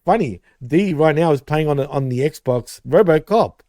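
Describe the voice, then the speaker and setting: A man's voice: on the high side, expressive, moderate pace, dark tone, no echo, clean studio sound. A man hosting a casual podcast chat, laid-back, saying "dude" and reading viewer comments aloud. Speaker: host.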